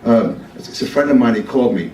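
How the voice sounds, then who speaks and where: A man's voice: medium pitch, lively intonation, fast, darkish tone, a little hiss or hum. Man in his 70s, comic stage monologue, profane, rambling restarts, live club room, faint ambience. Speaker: performance artist. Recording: roomy live club sound, distant mic.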